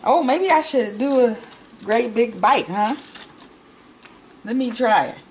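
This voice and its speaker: Slow, chatty woman cooking at home. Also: on the high side, expressive, a little mellow, slight background noise, rough recording. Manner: homey, chatty, talks with mouth full. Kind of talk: casual cooking demonstration.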